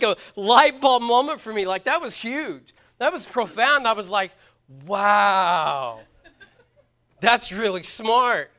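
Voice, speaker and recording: A man's voice: extremely high pitch, sharp tone. A man preaching a sermon to a congregation, earnest and emphatic, often repeating words for stress. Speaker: pastor.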